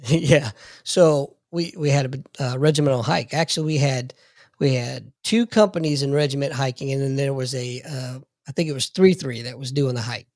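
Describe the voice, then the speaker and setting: A man's voice: mid-range voice, moderate pace, darkish tone, no echo, clean studio sound. A man in his forties telling a profane story in a casual podcast chat.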